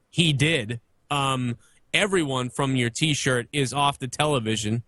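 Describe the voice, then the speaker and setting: A man's voice: medium pitch, measured pace, sharp tone, no echo. A man in his thirties talking casually and opinionatedly about wrestling, rambling and swearing freely. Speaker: podcast guest.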